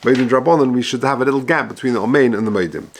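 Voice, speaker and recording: A rabbi giving a text study lesson, reading passages aloud and then explaining them in English in a measured, halting way. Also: male voice, medium pitch, slight background noise. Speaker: rabbi teaching halacha.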